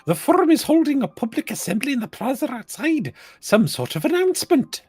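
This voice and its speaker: A man voicing an excitable, high-voiced messenger who speaks with a Scottish-style burr, over soft game music. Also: brisk, slightly rough, no room sound, heavily acted. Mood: excited. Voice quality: very high squeaky put-on voice.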